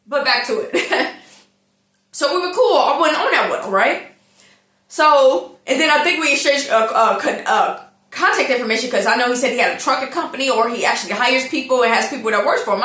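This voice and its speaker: A woman telling a personal story in a casual, animated monologue, talking straight to her listeners. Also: high-pitched, a little fast. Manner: chatty, animated, addresses listeners as y'all. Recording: echoey room.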